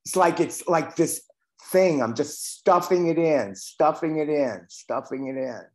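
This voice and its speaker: A man's voice: fairly high pitch, unhurried. A man in his sixties, reading aloud and then sharing candidly, with some profanity, about his own recovery. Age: 60s. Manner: candid, profane, self-deprecating. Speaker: recovery meeting member sharing.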